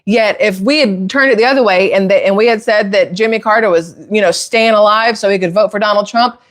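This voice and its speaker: A woman hosting a casual opinion talk for viewers, heated and emphatic, climbing into outraged near-shouts. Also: mid-range voice, fairly quick. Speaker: political commentary host.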